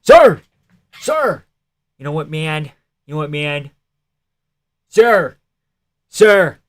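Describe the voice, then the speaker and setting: A man doing a shrill, barking traffic cop. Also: very animated, extremely slow, exaggerated voice. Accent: attempted Philadelphia. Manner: barking, high-pitched commands. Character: shouting male police officer at a traffic stop.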